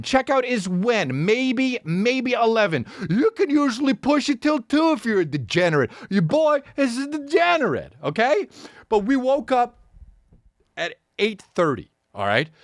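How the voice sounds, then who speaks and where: A man in his forties, a podcast host telling a comedic story as a profane, animated rant full of acted-out voices. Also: extremely high pitch, moderate pace, no room sound, clean studio sound.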